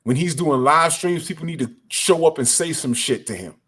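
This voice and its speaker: A man's voice: fairly high pitch, normal speed, a bit bright, slightly rough. A man giving an angry, profane rant as a boxing commentator. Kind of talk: ranting commentary.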